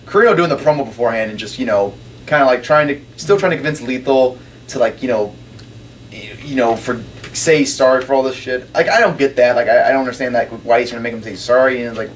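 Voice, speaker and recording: A man chatting casually as a podcast co-host, excitable and full of restarts while reviewing a show. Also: medium pitch, recorded from a distance. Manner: fast, excitable, lots of fillers and restarts. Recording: roomy, off-mic, light background noise.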